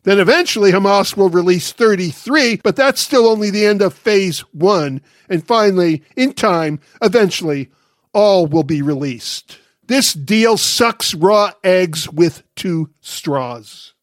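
Guy doing a political commentary monologue, kinda high voice, sarcastic and punchy, dry close sound. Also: animated, unhurried, no echo. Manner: sarcastic, emphatic. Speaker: radio and TV commentator.

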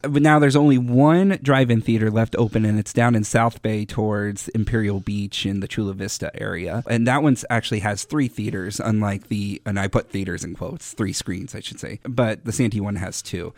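A man's voice: on the low side, darkish tone, dry recording. Young man hosting, chatty and opinionated. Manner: conversational, opinionated, quick asides. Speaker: host. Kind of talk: casual news chat.

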